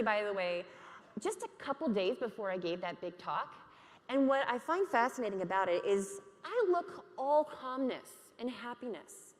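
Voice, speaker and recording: Woman speaker at a conference, kinda high voice, chatty and open, big hall echo on it. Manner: lively, candid, laughs with the audience. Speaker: keynote speaker. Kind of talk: conference keynote talk.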